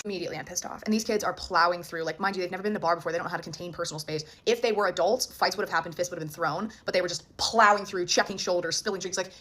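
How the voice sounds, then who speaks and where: A woman's voice: lowish voice, fairly bright tone. A woman in her twenties ranting to camera about a bad concert, sarcastic and exasperated. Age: 20s. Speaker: concert reviewer. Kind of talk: casual rant to camera.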